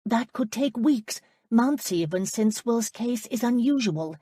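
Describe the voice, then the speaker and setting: A woman's voice: on the high side, lively intonation, unhurried, mellow, husky, no echo, studio quality, pitched above the performer's own voice. A woman reading the lines of a defiant young noblewoman, urgent and determined.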